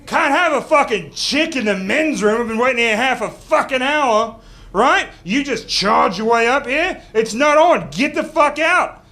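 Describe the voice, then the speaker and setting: A man on stage voicing an angry, profane biker, shouting indignantly, with a live room behind him. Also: very high-pitched, expressive, measured pace, pitched above the performer's own voice, heavily acted. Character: angry male biker in a queue. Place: small cabaret stage before a live audience.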